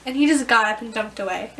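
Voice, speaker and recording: A young woman vlogging, telling embarrassing stories in a giggly, animated way and acting out the scenes. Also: a little high, fairly quick, background noise. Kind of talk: casual storytelling vlog.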